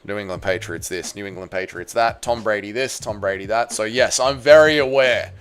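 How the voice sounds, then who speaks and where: A young Australian man on a livestream, chatting with viewers, reading their messages, swearing freely and shouting at a fight as it unfolds. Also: fairly low pitch, fairly quick, smooth. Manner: swears freely, reads chat aloud, yells at the fight. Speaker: streamer. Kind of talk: casual livestream chat and fight reaction.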